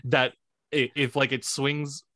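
A man co-hosting a podcast, sharing a story with lots of energy and frequent laughter. His voice is bright and forceful. The sound is dry, with little room around it. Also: mid-range voice, slow pace, dry recording. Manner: animated storyteller, laughs often. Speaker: podcast co-host. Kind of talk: casual chat.

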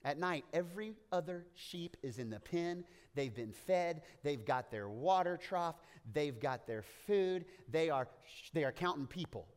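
A man preaching a sermon, joking and animated, with playful asides and frequent stammering restarts. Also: a little high, a little slow, hardly any pauses, clear, resonant tone, in a large hall. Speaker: pastor.

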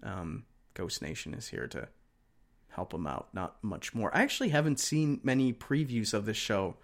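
A man's voice: lowish voice, very animated, normal speed, vocal fry. Wry, offhand man co-hosting. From Wisconsin. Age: 30s or older. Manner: offhand and wry, skimming listings aloud. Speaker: podcast co-host. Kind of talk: casual chat.

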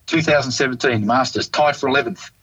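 A man with an Australian accent co-hosting a casual golf podcast, ranting in an animated, exasperated way. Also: mid-range voice, fairly quick, breathy edge, dull audio. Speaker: podcast co-host.

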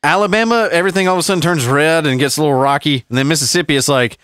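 A man from the American South telling profane, animated stories as a podcast co-host. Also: on the high side, racing, clear, resonant tone, no room sound, studio quality. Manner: profane storytelling, animated impressions. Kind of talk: casual chat.

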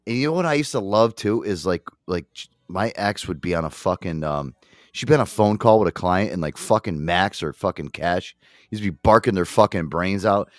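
A man co-hosting a show, telling a story loudly and swearing often. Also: deep voice, animated, moderate pace, dry recording, clean studio sound. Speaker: co-host. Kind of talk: casual profane chat.

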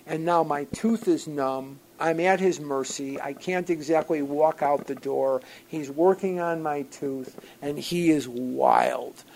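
A man with a gravelly, slightly high voice tells a personal story to a recovery group. He is animated and wry, jumping from loud outbursts to hushed asides. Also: slow, hardly any pauses, rough recording. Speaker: speaker sharing at a recovery program gathering.

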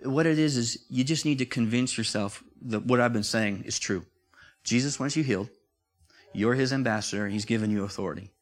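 A man's voice: medium pitch, brisk. A man preaching a sermon in a conversational way, often repeating himself and rising to emphatic peaks.

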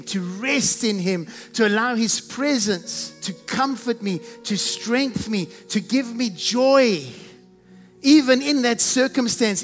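A man's voice: extremely high pitch, in a large hall. A man preaching a sermon as a pastor, earnest and stacking repeated phrases into building lists.

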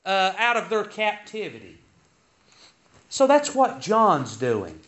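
Speaking slowly in a sing-song, sharp-toned voice that sits high, a man reads scripture in King James wording to his Sunday school class and explains it, pausing often. The recording is dull and lo-fi.

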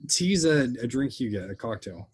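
A young man with a husky, slightly rough voice hosts a casual podcast, rambling through jokey stories with his friends. His pitch sits right in the middle for a man. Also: big pitch swings, moderate pace. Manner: rambling, joking storyteller. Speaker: podcast host. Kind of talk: casual chat.

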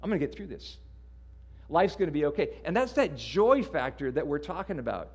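A man's voice: on the high side, sing-song, fairly quick, a little mellow, husky. A man preaching a sermon in a casual, conversational way, often repeating words as he restarts. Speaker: pastor.

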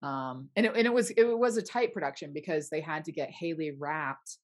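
A woman's voice: deep voice, brisk, darkish tone. A young woman actor telling an audition story in a casual interview, laughing often and acting out what people said. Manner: bubbly, laughs often, acts out quotes. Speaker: actor guest.

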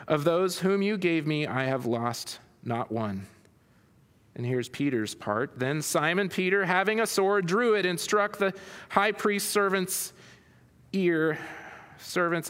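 A man delivers a sermon, first reading a scripture passage aloud and then explaining it. His voice sits a little high for a man, and he often restarts his phrases as he thinks aloud. A long reverb trails his words, as in a large hall. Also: fairly bright tone. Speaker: pastor.

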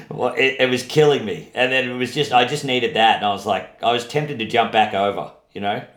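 A laid-back man chats loosely on a podcast, telling stories at his own pace with plenty of fillers. His voice sits at an ordinary pitch, and the room around him rings with a noticeable echo. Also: moderate pace, fairly bright tone. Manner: laid-back, rambling storyteller with frequent fillers. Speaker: podcast co-host, touring comedian. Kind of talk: casual chat.

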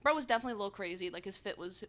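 Young female podcast guest, middle pitch, lively slangy storyteller. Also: very fast, crowd noise. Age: young adult. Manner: animated, laughing, slangy storyteller. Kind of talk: casual storytelling.

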